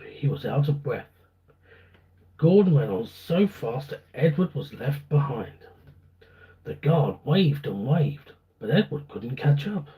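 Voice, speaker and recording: A man narrating a children's storybook aloud on a livestream, unhurried and animated. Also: on the high side, narrow, tinny audio.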